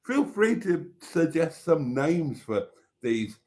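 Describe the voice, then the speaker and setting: A man's voice: a little high, very animated, slow pace, darkish tone. A man hosting a live stream, chatting casually and laughing with delight while reacting to viewer messages.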